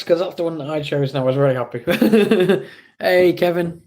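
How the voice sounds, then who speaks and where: A man's voice: fairly high pitch, normal speed, darkish tone. A man with an English accent streaming live, chatting casually with viewers in a rambling, self-deprecating way.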